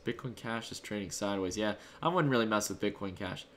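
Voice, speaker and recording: A lowish, animated voice, a little fast and a bit bright, belongs to a man hosting a live stream. He answers chat messages casually and cheerfully, rambling along with fillers and frequent restarts.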